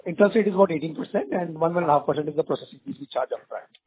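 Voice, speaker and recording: A man with an Indian accent from company management, answering analysts quickly on an earnings call. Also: fairly high pitch, animated, slightly rough. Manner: quick, repeats "yeah". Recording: tinny phone line.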